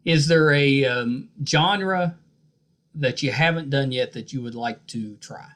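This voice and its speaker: A man with a West Virginia accent hosting a podcast interview, easygoing and joking, often trailing off softly at the ends of phrases. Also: mid-range voice, slow. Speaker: podcast host. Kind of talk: casual interview.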